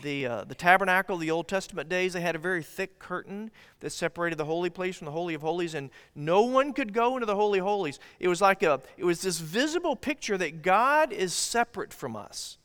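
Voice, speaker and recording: A man's voice: high-pitched, lively intonation, fairly quick, hardly any pauses, a bit bright, clean tone. A man preaching a sermon as pastor, earnest and building to emphatic declarations. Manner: earnest preaching, rising emphatic on key lines. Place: church sanctuary. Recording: long reverb of a church hall.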